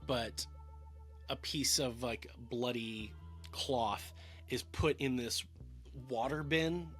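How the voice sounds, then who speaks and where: A man's voice: medium pitch, slow pace, fairly bright tone, faint music behind. A man giving a casual film review, rambling with lots of fillers and stammered restarts.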